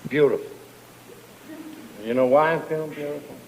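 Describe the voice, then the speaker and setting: An actor playing a drunk, boastful middle-aged man in a 1950s sitcom, with slurred, drawn-out speech. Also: a little high, steady tone, vocal fry, darkish tone. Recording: old TV audio, roomy with faint hiss.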